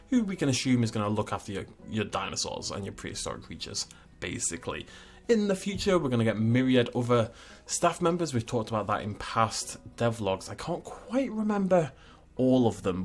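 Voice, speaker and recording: A man hosting a gaming channel, casually talking through video game news in a chatty, rambling way with asides and chuckles. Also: mid-range voice.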